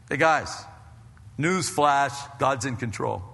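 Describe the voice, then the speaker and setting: A man's voice: high-pitched, animated, unhurried, bright, forceful tone, big-room sound. A middle-aged man preaching a sermon in an emphatic, conversational way, often repeating words as he builds a point. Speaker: pastor.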